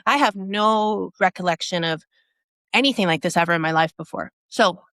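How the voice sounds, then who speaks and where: A woman guest on a podcast tells her story in a casual, animated way, full of "like" and restarts, and she acts out what people said. Her voice sits a little low for a woman. The recording is close and dry. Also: moderate pace, no room sound. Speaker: podcast guest, app founder. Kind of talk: personal storytelling in a podcast interview.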